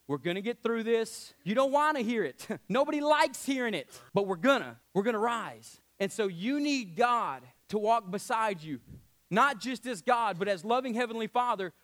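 A pastor delivers a sermon in a strikingly high voice for a man. He swings from hushed, intimate lines to loud, ringing ones and laughs often between points. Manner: laughs often while speaking.

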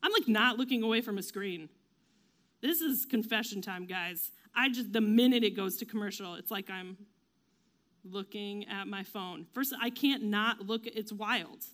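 A woman giving a casual faith talk, chatty and self-deprecating, with lots of fillers and quick acted-out quotes. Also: medium pitch, fairly bright tone. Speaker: devotional speaker.

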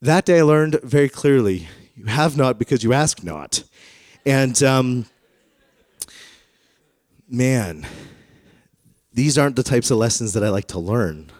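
A man in his thirties preaching a sermon through personal stories, in a conversational, self-deprecating manner that grows animated when he retells dialogue. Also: mid-range voice, measured pace, long pauses, no echo, studio quality. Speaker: pastor. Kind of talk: storytelling sermon.

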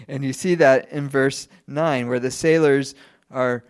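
A man in his thirties preaching a sermon at an ordinary middle pitch. He keeps it conversational, putting rhetorical questions to his listeners and laughing lightly as he goes. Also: steady tone, takes it slowly. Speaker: pastor.

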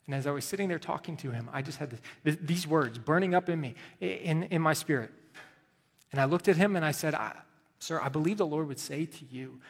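A man, a pastor, preaching a sermon in a church, telling the story dramatically and moving between hushed and loud delivery. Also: on the high side, fairly quick, breathy edge, in a large hall. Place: church sanctuary.

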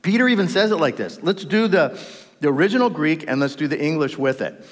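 A middle-aged pastor preaches to a live congregation, speaking a little fast in a high, very animated voice that jumps up and down as he acts out quoted voices. The long, ringing reverb comes from the large church hall where it was recorded.

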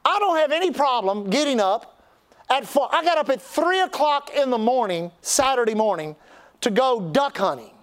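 High-pitched older pastor. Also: male voice, big pitch swings, normal speed. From Texas. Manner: folksy, repetitive, humorous storytelling with restarts. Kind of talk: sermon storytelling.

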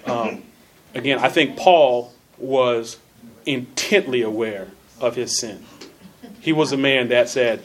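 Earnest man teaching a Bible class. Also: medium pitch. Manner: earnest, repeats phrases for emphasis; reads scripture slowly with stressed words.

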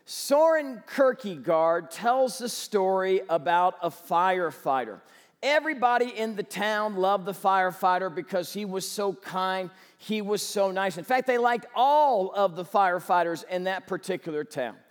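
High-voiced preacher in an echoing hall. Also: male voice, a little slow. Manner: animated storytelling, rising to shouts. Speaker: pastor. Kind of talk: sermon.

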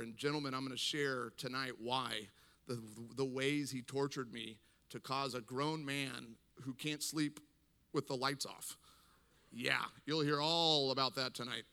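A man speaking to a men's gathering, telling a funny story in an animated way, laughing and acting out voices. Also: mid-range voice, clean tone, big-room sound. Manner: animated, acts out quoted voices, laughs often. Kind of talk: humorous storytelling talk.

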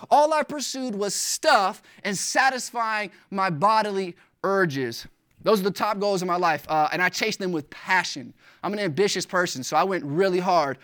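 Emphatic preacher with repeated phrases. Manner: wide swings in pitch and loudness for emphasis. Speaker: pastor. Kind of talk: sermon.

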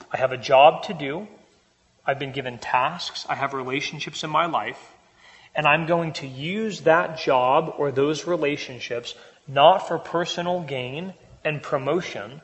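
A pastor delivers a sermon in a reverberant hall, preaching conversationally and posing rhetorical questions. His voice is fairly high-pitched and a bit bright.

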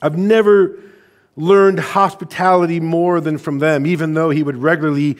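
A man's voice: on the high side, steady tone, moderate pace. A man in his thirties preaching a sermon, telling earnest personal stories with feeling. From United States. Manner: earnest storytelling, emotional personal anecdotes. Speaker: pastor.

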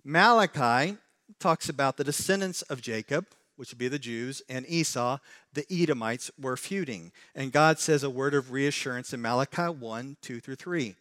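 A pastor in his forties preaching a sermon with passion, swinging from loud, pleading emphasis to quiet, earnest reassurance. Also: medium pitch, moderate pace.

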